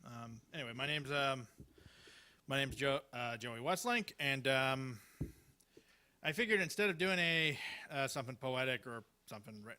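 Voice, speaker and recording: A man's voice: medium pitch, animated, normal speed, pushed and bright, clean tone. A man performing at an open mic, reading Halloween one-liners in a hesitant, rambling way full of fillers and restarts. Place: small live venue.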